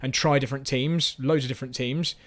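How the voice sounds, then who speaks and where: A man's voice: medium pitch, steady tone, a little fast, fairly bright tone. A man hosting a casual live-stream chat, rambling and self-mocking, with frequent restarts. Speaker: host.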